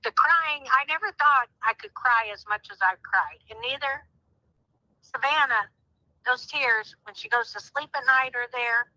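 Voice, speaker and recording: A woman's voice: sits high, unhurried, pushed and bright, no room sound. Emphatic woman on a phone line. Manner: emphatic, repetitive, heartfelt. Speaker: guest, sister of a crime victim. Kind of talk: emotional phone interview.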